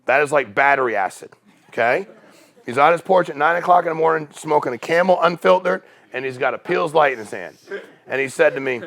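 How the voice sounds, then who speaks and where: A man's voice: fairly high pitch, brisk. A middle-aged man telling stories casually to a business meeting, acting out the people in them. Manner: casual, animated storyteller acting out quoted voices. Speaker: company CEO speaking at a sales meeting. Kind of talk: storytelling talk to a business audience.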